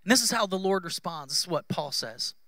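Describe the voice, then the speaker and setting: A man in his thirties preaches in a loose, joking way, bouncing into playful voices for the people he quotes. His voice sits very high and sharp. The sound is close and dry. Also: expressive, fairly quick, dry recording. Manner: conversational, humorous, acts out quoted voices. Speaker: pastor. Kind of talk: sermon. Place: church.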